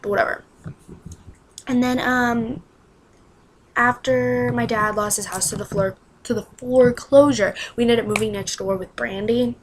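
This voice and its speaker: A woman's voice: fairly high pitch, steady tone, unhurried, slight background noise, poor audio. Young woman vlogging her life story, rambly, says like constantly, kinda exasperated. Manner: rambling, heavy use of "like", exasperated asides. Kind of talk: casual storytelling to camera.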